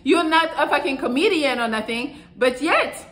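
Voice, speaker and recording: A woman's voice: sits high, lively intonation, normal speed, fairly bright tone. Blunt, foul-mouthed woman giving dating advice. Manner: blunt and profane, acts out quoted voices. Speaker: relationship advice vlogger. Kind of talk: casual advice monologue.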